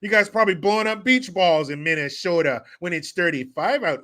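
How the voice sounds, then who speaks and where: A man's voice: high voice, expressive, brisk, a bit bright. Profane joking man chatting on a livestream. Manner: profane, joking, reads chat aloud. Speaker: host. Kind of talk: casual livestream chat.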